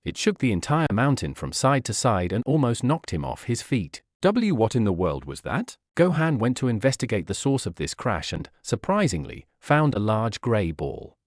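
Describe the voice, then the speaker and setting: Guy reading a story, pitch moves a lot, dry close sound. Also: big pitch swings, normal speed, few pauses, no room sound. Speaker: narrator. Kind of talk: storytelling narration.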